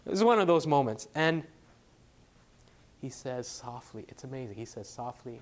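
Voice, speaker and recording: Male preacher with a mid-range voice, telling a story conversationally, hushed on quotes, louder when stressing a point. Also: medium pitch, animated, normal speed, pauses often, slight background noise. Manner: conversational storytelling, dropping to a hush for quoted lines, rising for emphasis; frequent fillers and self-corrections. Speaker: preacher, literature evangelist. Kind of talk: sermon with personal story.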